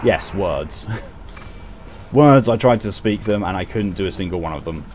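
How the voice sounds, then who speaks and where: A man's voice: sits low, lively intonation, a little slow, a little mellow, slight background noise. Chatty man streaming a game. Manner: self-mocking, chatty, laughs at own mistakes. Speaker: gaming streamer. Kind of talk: casual gameplay commentary.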